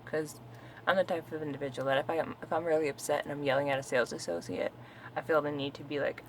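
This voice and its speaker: A woman's voice: low-pitched, steady tone, fast talker, slight background noise, low-quality recording. A woman vlogger telling a story at home in a casual, exasperated, profane venting rant.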